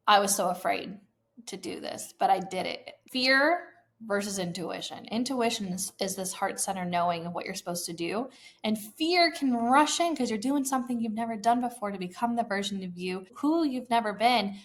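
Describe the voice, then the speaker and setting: Enthusiastic woman podcaster sharing her story. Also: mid-range voice. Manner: enthusiastic and heartfelt, with frequent "like" fillers. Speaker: podcast host. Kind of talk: personal storytelling monologue.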